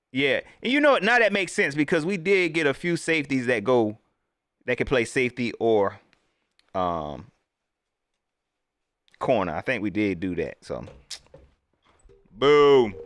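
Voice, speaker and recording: A man hosting a casual sports fan livestream, swinging between loud outbursts and low mutters, with colloquial speech and mocking impressions of coaches. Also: sing-song, takes it slowly, long pauses, no room sound, studio quality. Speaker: sports fan channel host.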